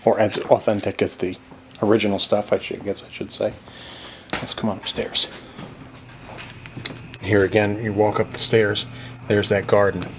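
Over a noisy background, a man with a lowish voice and level tone talks at normal speed, pausing often. The real estate vlogger tours a cabin by a creek in a casual, enthusiastic way, addressing the viewer as he goes and dropping to soft whispers indoors in the log cabin.

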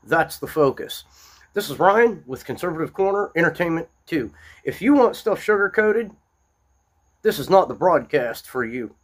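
A man's voice: on the high side, expressive, normal speed. A man hosting an unscripted, angry political monologue, blunt and repetitive, speaking from his small-town home. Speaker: political commentary host.

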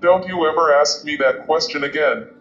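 A man's voice: on the high side, moderate pace, close to an everyday voice. A man reading a stern angry father. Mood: curt, angry. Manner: curt, clipped and angry. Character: stern proud Afghan father, quick-tempered. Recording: muffled with soft guitar music.

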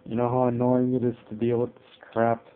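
A man commenting on his own gameplay, grumbling about opponents and shouting out attack names. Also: medium pitch, monotone, brisk. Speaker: let's play gamer. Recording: tinny lo-fi mic with faint hiss.

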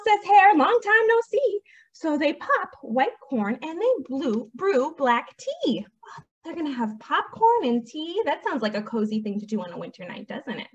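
A young woman reads a picture book aloud at a library toddler storytime, her voice very high and lively, swooping up and down. She takes it slowly and sing-song, dropping to whispered shushes. The sound is dull and lo-fi. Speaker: children's librarian. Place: library program room.

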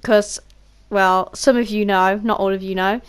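A woman's voice: mid-range voice, fairly even intonation, measured pace, smooth. A woman from the Black Country, a gaming vlogger, chatting over game voice chat at home on a headset mic in a rambling, chatty way, laughing often. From Black Country, England.

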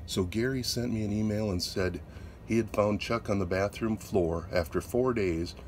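A man's voice: on the low side, normal speed, darkish tone, a little hiss or hum. A man collector hosting an unboxing video, calling out each find and exclaiming with delight. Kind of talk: unboxing vlog.

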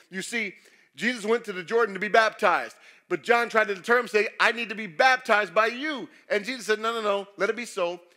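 Male pastor, sermon delivery, bright high-ish voice, rhetorical questions, big swings in loudness. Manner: preaching with sweeping shifts between loud emphasis and quiet confession; asks the congregation rhetorical questions.

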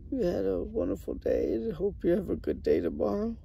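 A man recording a soft, halting late-night video diary while grieving and worn out. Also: high voice, wildly swooping pitch, creaky, slightly rough. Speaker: vlogger. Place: small private sleeping area, indoors.

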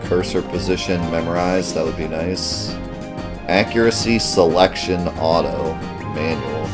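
A man's voice: sits low, fairly even intonation, a little slow, loud music behind the voice. A man hosting a let's play, giving casual gameplay commentary and muttering asides while he reads menus.

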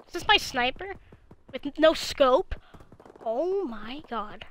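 Young woman gamer commentating live, bright and excitable, headset mic, high voice. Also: takes it slowly. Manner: excitable, swears and laughs a lot. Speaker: gaming channel host. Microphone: gaming headset.

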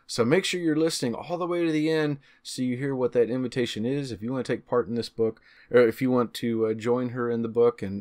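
Man in his thirties, podcast host, upbeat, playful, casual chat, medium pitch. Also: darkish tone. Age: 30s. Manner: upbeat and playful, with some false starts.

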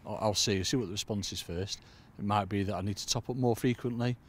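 A man's voice: fairly low pitch, fairly even intonation, fast talker, slightly rough. A man giving a casual fishing tutorial outdoors at a lakeside, chatting away and calling his listeners "folks". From United Kingdom. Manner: chatty, keeps addressing "folks". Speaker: angling coach. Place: lakeside outdoors in cold weather.

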